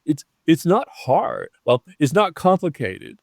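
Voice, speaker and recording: A man in his seventies, a leadership coach interviewed as a guest, talking earnestly and slowing down to stress key phrases. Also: a little high, vocal fry, dry recording, studio quality. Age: 70s. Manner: earnest and animated, slows down to stress key phrases, acts out quoted voices. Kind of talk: conversational interview.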